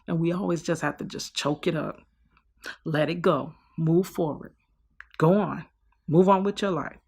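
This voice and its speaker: A young woman speaking into her own vlog, her low voice gravelly with fry. She talks slowly and wearily, trailing off and starting over, as if thinking aloud. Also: darkish tone. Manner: slow, heartfelt, trailing off and restarting. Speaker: vlogger. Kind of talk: personal vlog confession.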